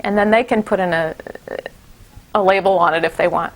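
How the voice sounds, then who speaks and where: A woman's voice: on the low side, fairly even intonation, a little fast, creaky. A middle-aged woman giving a casual workshop talk to teachers, chatty, with many fillers and restarts. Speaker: teacher trainer.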